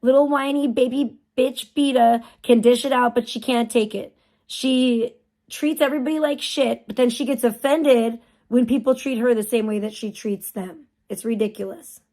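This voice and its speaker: Woman livestreamer, blunt and cussing, slightly high mellow voice, reacting to drama. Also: steady tone, normal speed. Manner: blunt, profane, mocking. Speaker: streamer reacting to clips. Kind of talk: casual livestream commentary.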